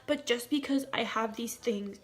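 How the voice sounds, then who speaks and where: Tearful young woman vlogging earnestly. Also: fairly high pitch. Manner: tearful, earnest, halting with pauses and restarts. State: emotional, close to tears. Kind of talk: emotional personal vlog talk.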